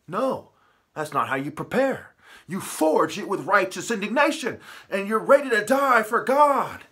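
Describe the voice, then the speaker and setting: A man in a profane, preachy ranting monologue, swinging from muttering to shouting. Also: sits high, very animated, unhurried, slightly rough. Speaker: vlogger.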